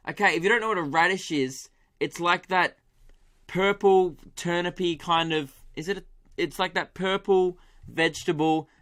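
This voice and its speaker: A man's voice: high-pitched, moderate pace, fairly bright tone. A young man hosting his own comedy podcast, ranting through a story with swearing, laughs and put-on voices. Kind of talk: solo comedy podcast rant.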